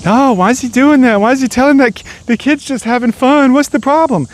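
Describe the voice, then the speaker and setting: A man doing a high, whiny bystander who sounds indignant and mocking, his pitch jumping well above his normal speaking voice. He puts it on as a sneering impression during his own rant. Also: a little fast, slight background noise.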